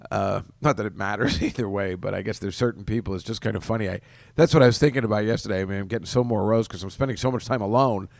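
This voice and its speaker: A man's voice: fairly low pitch, quick pace, creaky, a little mellow, no echo, studio quality. Chatty man rambling on a podcast. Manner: rambling, self-interrupting, chuckling storyteller. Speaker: podcast host. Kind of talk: casual solo podcast chat.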